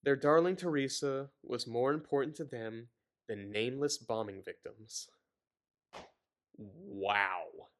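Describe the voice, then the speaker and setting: A man reads a novel aloud in a casual, unpolished way, often stopping to vent sarcastic commentary. He stumbles over words and rambles, sounding thoroughly exasperated. His voice sits at an ordinary middle pitch. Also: takes it slowly, fairly bright tone. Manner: exasperated, sarcastic asides between read passages. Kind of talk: casual book reading with commentary.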